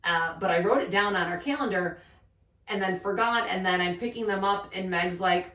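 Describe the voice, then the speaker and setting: A woman's voice: mid-range voice, normal speed, pushed and bright, distant mic. Chatty woman co-host in an echoey room. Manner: chatty storyteller, acts out quotes with laughter. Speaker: podcast co-host. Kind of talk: casual chat.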